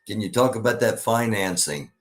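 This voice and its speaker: Deep-voiced man riffing sarcastically on clips. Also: lively intonation, normal speed. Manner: sarcastic, interrupting, talks over clips. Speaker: show host commenting on clips. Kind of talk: live news commentary.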